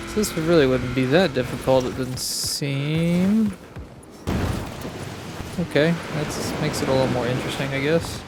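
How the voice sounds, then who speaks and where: A man, the host of a gaming channel, giving relaxed gameplay commentary and thinking aloud as he plays. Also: medium pitch, heavy background noise. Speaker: gaming YouTuber.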